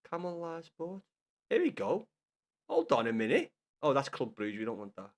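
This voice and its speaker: A young man chatting casually with viewers on a live gaming stream, swearing often and bantering loudly with chat. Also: on the high side, huge pitch swings, moderate pace.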